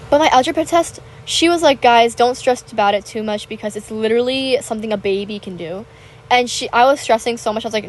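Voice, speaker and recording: A woman's voice: on the high side, low-quality recording. A teenage girl chatting casually and bubbly about her school week while playing a game, retelling moments dramatically. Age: teens. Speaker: gaming vlogger. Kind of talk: casual chat over gameplay.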